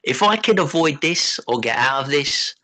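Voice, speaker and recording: A man's voice: fairly high pitch, expressive, normal speed, sharp tone. A man co-hosting a podcast, cutting in with blunt, profane opinions. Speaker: podcast co-host. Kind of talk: casual podcast chat.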